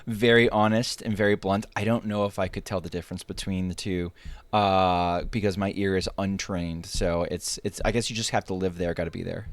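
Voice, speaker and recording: A man hosting a casual gaming chat, quick and joking, often restarting his sentences. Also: low-pitched, steady tone, dry recording. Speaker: host. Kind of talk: casual podcast-style chat.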